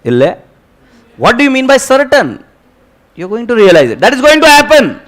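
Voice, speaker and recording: A middle-aged Indian man teaches an accounting class in a high, lively voice. He speaks Indian English, drops into Hindi now and then, and keeps asking the students whether they follow. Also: fairly quick. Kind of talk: classroom lecture.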